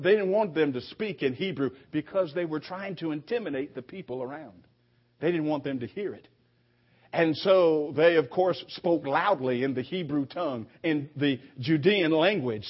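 A man gives a sermon, reading verses aloud and then unpacking them. His voice sits a little high and sounds husky, and he often stumbles and repeats words. The recording is dull and lo-fi. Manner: halting, with frequent restarts. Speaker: preacher.

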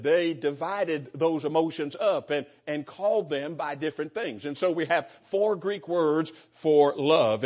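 A man's voice: on the high side, a little mellow. An older man preaching a sermon as pastor, with an emphatic cadence and repeated words, speaking to his congregation. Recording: dull lo-fi sermon recording.

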